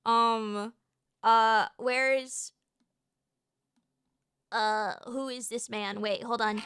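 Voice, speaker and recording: An excitable young woman chats on her live stream in a high, bright voice. She rambles, restarts and bursts into shouts. The sound is dry and close. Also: extremely slow, clear, resonant tone, dry recording. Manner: excitable, with sudden shouted outbursts. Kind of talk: casual live-stream chat.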